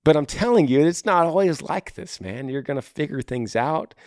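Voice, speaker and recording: A man hosting an advice show, talking straight to a young listener in a casual, animated way, acting out little conversations. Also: a little high, normal speed, no room sound, studio quality. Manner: animated, acts out little dialogues, calls listener bro and man.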